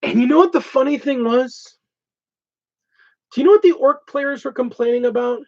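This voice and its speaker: A man hosting a casual hobby chat show, talking in an animated, ranting way. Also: extremely high pitch, moderate pace. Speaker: host. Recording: dull lo-fi sound.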